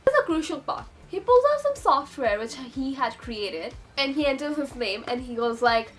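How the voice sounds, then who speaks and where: High-voiced chatty young woman vlogger. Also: moderate pace, hardly any pauses, a little hiss or hum. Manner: excitable, chatty storytelling with sudden high squeals. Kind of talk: storytime vlog.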